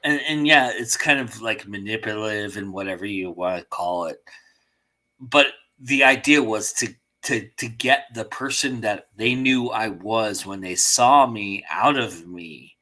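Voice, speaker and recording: Slow, bright-voiced male host. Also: lowish voice, low-quality recording. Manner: reflective, works through his point aloud. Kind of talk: casual chat on a live stream.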